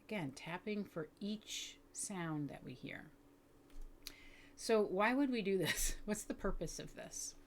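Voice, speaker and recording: A woman teaching educators reading techniques, explaining patiently and slowly sounding out words with careful enunciation. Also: fairly low pitch, expressive, a little hiss or hum. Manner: clear, deliberate enunciation of sounds. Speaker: literacy teacher. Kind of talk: instructional video for educators.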